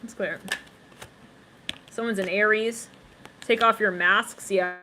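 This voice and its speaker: A woman's voice: mid-range voice, fairly even intonation, slow pace, noisy background. A woman doing a casual psychic tarot reading, rambling and chatty, talking straight to her viewers and humming snippets of song. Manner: rambling, laughs often, breaks into snippets of song; chatty, addresses viewers directly. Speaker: tarot reader.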